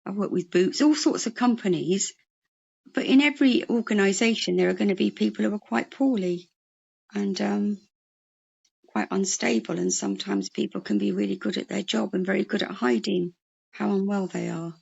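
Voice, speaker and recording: A woman, a comedian and mental health worker, telling lively anecdotes in an interview. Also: mid-range voice, moderate pace, gravelly, slightly rough, dull audio. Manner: animated anecdotal storyteller. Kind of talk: storytelling interview chat.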